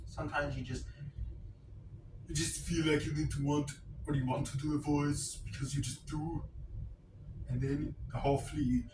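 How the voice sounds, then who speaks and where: A man vlogging casually to camera, rambling and self-mocking, with a dry throat, recorded on a phone. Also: medium pitch. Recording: roomy, distant phone recording, background hiss.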